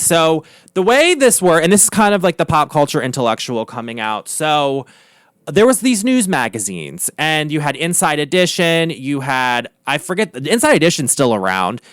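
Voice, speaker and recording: A man chatting casually and profanely on his vlog, gossipy and full of animated asides. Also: medium pitch, smooth, no room sound, studio quality. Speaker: vlogger, artist. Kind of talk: casual chat. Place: home art studio.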